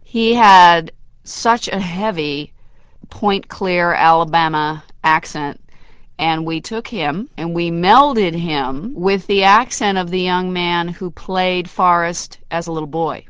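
A woman dialect coach on radio, talks crisp and precise, lowish smooth voice, dry studio sound. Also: slow pace, fairly bright tone, no room sound, muffled recording. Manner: articulate and precise, explaining her craft. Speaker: dialect coach, interview guest. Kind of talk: radio interview.

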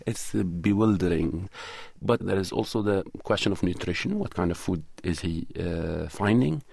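Speaking at normal speed in a deep, gravelly, darkish voice with a breathy edge, this documentary producer and cinematographer gives earnest, considered answers in an interview. He often hunts for the right words, and there's no echo.

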